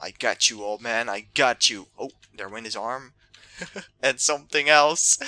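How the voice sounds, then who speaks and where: A young man giving excitable let's play commentary, yelling and trash-talking the game. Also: mid-range voice, a little slow. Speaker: gamer.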